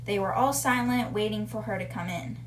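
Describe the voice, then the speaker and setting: A woman's voice: medium pitch, fairly quick, slight background noise. A woman retelling a children's book in a casual, chatty way, often saying "like". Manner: chatty, uses "like" a lot. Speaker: podcast storyteller.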